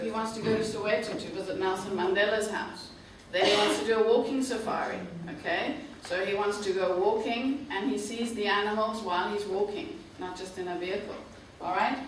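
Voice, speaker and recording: A tour operator director, a woman with a medium-pitched voice, gives a guest lecture to students in a university classroom. She teaches slowly and clearly, often checking in with "okay?". The echoey room is captured on a distant mic with faint background noise.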